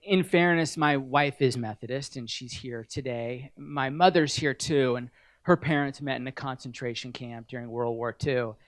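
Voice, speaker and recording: A man's voice: medium pitch, moderate pace, no echo. A middle-aged man giving an award acceptance speech at a podium, telling wry, self-deprecating stories.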